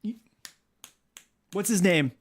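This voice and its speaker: A man hosting and shoutcasting a game tournament on stream. He rambles and jokes between calls, with a voice that sits a little high for a man. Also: lively intonation, slow, a little hiss or hum. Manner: rambling, joking, full of fillers. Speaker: host and caster. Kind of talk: casual esports shoutcasting stream.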